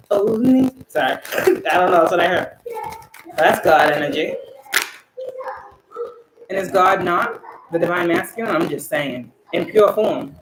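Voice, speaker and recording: A woman giving a spiritual tarot reading, talking emphatically, swinging between loud outbursts and soft asides. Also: on the low side, moderate pace. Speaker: tarot reader and spiritual channeler. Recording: echoey room with background noise.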